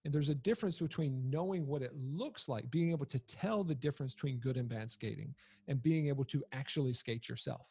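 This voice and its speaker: Husky-voiced man telling a funny story. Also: mid-range voice, brisk, a little mellow, no echo. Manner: conversational, frequent fillers and restarts, humorous. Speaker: storyteller, father. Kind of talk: casual personal storytelling.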